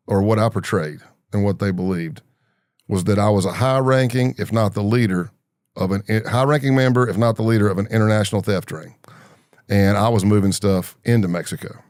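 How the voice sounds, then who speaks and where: Guesting on a storytelling podcast, a former undercover agent, a middle-aged man from the American South, tells lengthy tales and performs the voices of those he quotes with lively flair. His voice sits on the low side, captured in clean studio sound without echo.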